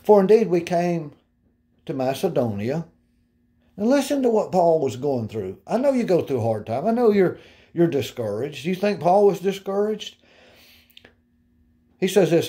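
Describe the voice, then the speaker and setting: A middle-aged male pastor preaching a sermon in an earnest, conversational way, slowing down to read scripture aloud and breaking into personal asides. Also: on the high side, very animated, warm tone.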